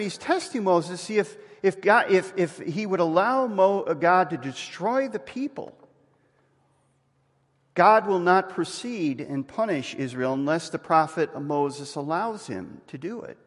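Animated preacher in a reverberant hall. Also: male voice, high-pitched, unhurried. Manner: animated preaching, voicing quoted speakers. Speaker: pastor. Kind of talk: sermon. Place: church.

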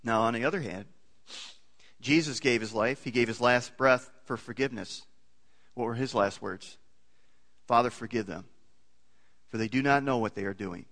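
A man preaching a sermon as a pastor in a church, animated, with pitch that rises and falls for emphasis, often putting questions to the congregation. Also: normal speed, pauses often, in a large hall. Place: church sanctuary.

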